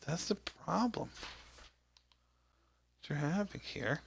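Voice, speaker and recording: A man's voice: fairly high pitch, animated, slow pace, creaky, pauses often, breathy edge. A man giving casual gameplay commentary, rambling and exclaiming as he talks to himself. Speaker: show host.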